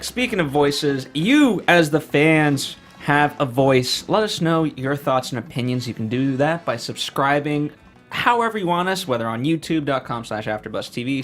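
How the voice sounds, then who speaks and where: An upbeat man hosts a casual talk show, his voice sitting a little high. He keeps the patter brisk while faint music plays in the background. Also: fairly bright tone. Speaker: show host. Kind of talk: casual podcast chat.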